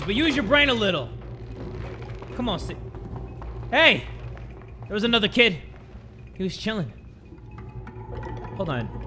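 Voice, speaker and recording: A young man giving jokey, excitable commentary while playing a game, jumping between loud yelps and low mutters. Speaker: gaming YouTuber. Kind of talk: let's play commentary.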